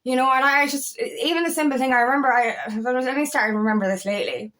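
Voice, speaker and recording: A woman's voice: high voice, very fast, a bit bright. A woman empowerment coach talking to camera in a heartfelt vlog, rambling and often swearing, her voice catching with emotion. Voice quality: eccentric, quirky talker. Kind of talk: emotional personal vlog monologue.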